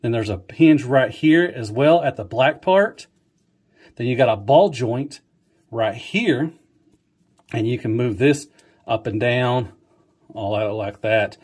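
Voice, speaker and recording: A man walks through a toy's details in a relaxed, casual review. He is enthusiastic and keeps repeating his praise, often softening into a hushed, admiring tone. His voice sits at an ordinary middle pitch. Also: takes it slowly, pauses often. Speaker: toy reviewer. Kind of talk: casual toy review walkthrough.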